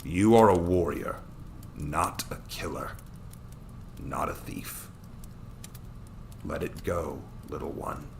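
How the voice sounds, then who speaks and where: A man voicing a calm, stern, weary wandering man who speaks softly and measuredly, sometimes in a whisper, in a read-aloud fantasy story. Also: rumbling low, vocal fry, background noise, voice pushed down, full character voice. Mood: gentle. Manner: soft, measured, often whispered.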